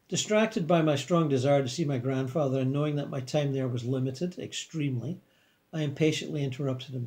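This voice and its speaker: A man calmly reading a first-person afterlife story in a measured way. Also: mid-range voice. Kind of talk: scripted first-person narration.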